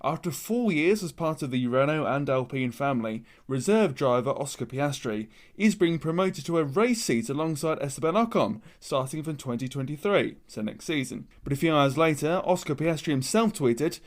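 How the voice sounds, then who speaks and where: A man co-hosting a chatty sports podcast, opinionated and animated, reading out news. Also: fairly high pitch, moderate pace, few pauses. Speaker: podcast co-host. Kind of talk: casual chat, reading news.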